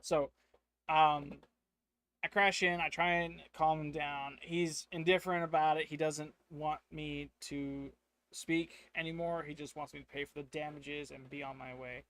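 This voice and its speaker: Streamer, male, gravelly voice a bit high, rambling casual narration of a solo tabletop game. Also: steady tone, unhurried, fairly bright tone. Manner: rambling, thinks aloud to chat.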